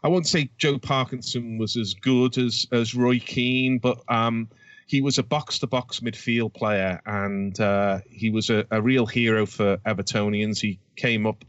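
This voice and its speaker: A man's voice: mid-range voice, fairly even intonation, unhurried, dry recording, lo-fi sound. A man talking casually about old football matches, with many fillers and restarts as he searches for words. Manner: rambling, hesitant, many fillers. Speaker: podcast co-host, Everton fan.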